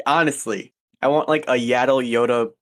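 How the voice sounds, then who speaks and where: A man's voice: mid-range voice, steady tone, normal speed. A young man co-hosting a podcast, chatting casually and rambling with frequent ums and restarts. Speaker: podcast co-host. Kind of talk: casual chat.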